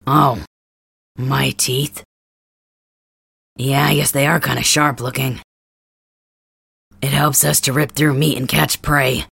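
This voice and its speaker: Man as a blunt, grumbling young male cat hybrid for an ASMR role-play; slow delivery, husky, dry and close. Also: medium pitch, level tone, a bit bright, no echo, full character voice. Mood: gruff teasing.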